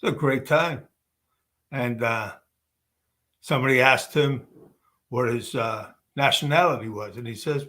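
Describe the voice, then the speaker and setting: A man's voice: medium pitch, normal speed, a bit bright. A man, an actor, telling casual anecdotes on a webcam call, rambling with many fillers and restarts. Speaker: actor guest.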